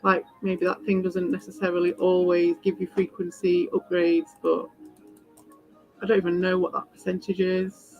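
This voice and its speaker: A woman's voice: fairly low pitch, monotone, normal speed, dull audio, faint music behind. A woman chatting casually while she streams a game, rambling from thought to thought and swearing freely as she gets worked up. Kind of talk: casual live-stream chat while playing.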